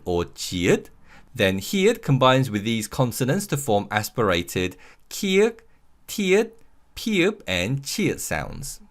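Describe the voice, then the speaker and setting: A man narrating a scripted language lesson, explaining clearly and repeating example words slowly and carefully. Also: mid-range voice. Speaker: language teacher.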